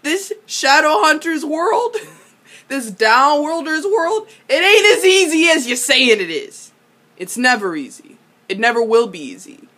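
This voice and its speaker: A young woman recapping a TV episode in a casual, animated way, exclaiming, swearing and laughing often. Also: high voice, a little slow. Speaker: vlogger.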